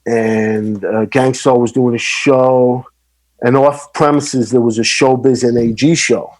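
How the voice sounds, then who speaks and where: A man's voice: mid-range voice, measured pace. A middle-aged man, a podcast guest, telling stories in casual chat and animatedly acting out the people he quotes. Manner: animated, acts out quoted voices. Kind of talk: casual storytelling.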